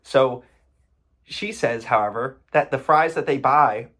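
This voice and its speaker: A man's voice: medium pitch, unhurried, fairly bright tone. A man giving casual commentary, sarcastic and indignant, often breaking into exasperated outbursts.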